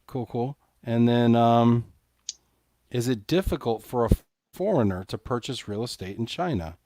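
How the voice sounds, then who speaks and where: A man's voice: mid-range voice, unhurried, mellow, no echo, studio quality. A man hosting a live interview show, upbeat, reading viewer comments aloud and asking follow-up questions. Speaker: host.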